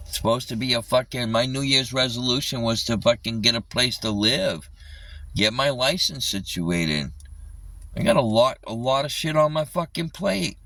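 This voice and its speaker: A man's voice: mid-range voice, animated, moderate pace, fairly bright tone, dry recording, distant mic, rough recording. A man ranting angrily on a live stream, swearing constantly and repeating himself. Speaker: livestreamer.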